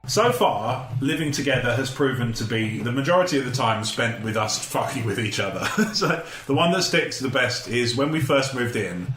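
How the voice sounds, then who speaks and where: A man's voice: mid-range voice, expressive, moderate pace, few pauses, a bit bright. A man telling sweary stories on a podcast, often laughing. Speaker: podcast host. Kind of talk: casual chat, swearing anecdotes. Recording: echoey room with faint noise.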